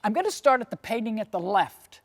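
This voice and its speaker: Animated woman telling history stories. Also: on the high side, a little fast. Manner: animated storyteller with rhetorical questions and frequent "you see". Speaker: lecturer and tour guide. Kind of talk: storytelling lecture.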